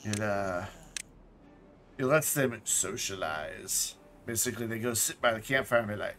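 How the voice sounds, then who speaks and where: A man's voice: lowish voice, moderate pace, fairly bright tone, soft background music. A man casually commenting while playing a game on a live stream, thinking aloud, correcting himself and dropping jokey asides.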